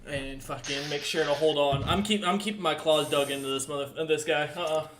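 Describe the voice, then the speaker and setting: A man playing a tabletop game who is excitable, swears casually and laughs often. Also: a little high, fairly quick, slight background noise. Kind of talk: casual tabletop role-play.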